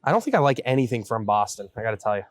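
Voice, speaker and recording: A man's voice: on the low side, expressive, rapid-fire. A man hosting a comedic chat outdoors in a backyard, grumbling and mock-exasperated. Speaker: host. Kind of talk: comedic casual banter.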